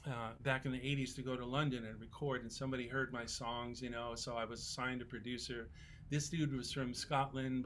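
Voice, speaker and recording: Sixties guy on a panel, easygoing storyteller, mid-pitched voice, laid-back yarns. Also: a little hiss or hum. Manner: relaxed, folksy storyteller. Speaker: songwriter on a festival panel. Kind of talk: casual panel talk, anecdotal storytelling.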